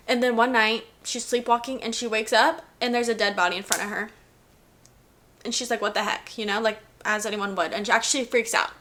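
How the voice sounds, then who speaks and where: A young woman in her twenties chats casually about her month of reading. Her voice sits a little high, and she leans on "like" and loose restarts as she talks. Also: sharp tone. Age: 20s. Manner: chatty, heavy use of "like", giggly. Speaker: book vlogger. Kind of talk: casual reading wrap-up chat.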